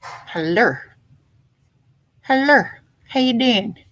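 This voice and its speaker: A woman's voice: on the high side, lively intonation, extremely slow, a bit bright. A woman hosting a casual livestream, greeting chat viewers by name in a chatty, playful way. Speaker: livestream host.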